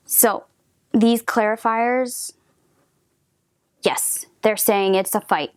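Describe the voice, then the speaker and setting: A woman giving a gentle tarot reading, talking softly with hesitant restarts and frequent drops into a whisper. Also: medium pitch, slow pace, long pauses, dry recording. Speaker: tarot reader.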